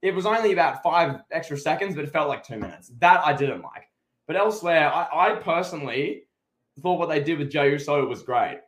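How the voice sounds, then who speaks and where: A man's voice: fairly high pitch, normal speed, a bit bright. Opinionated man in an echoey room. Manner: opinionated, emphatic, many restarts. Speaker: podcast co-host. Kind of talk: casual wrestling recap chat.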